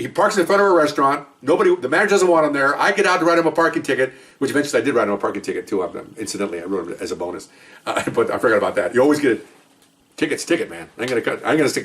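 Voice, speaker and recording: Fast-talking cop spinning a story. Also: male voice, mid-range voice, a bit bright. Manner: rambling, conversational, acts out quoted dialogue. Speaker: police officer telling stories. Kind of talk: casual spoken storytelling. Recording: voice distant from the mic.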